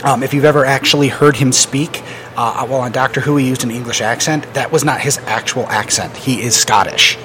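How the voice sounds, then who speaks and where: A man's voice: medium pitch, fairly even intonation, brisk, background noise. A man hosting a casual podcast, running through entertainment news in a loose, joking way with lots of fillers. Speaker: podcast host.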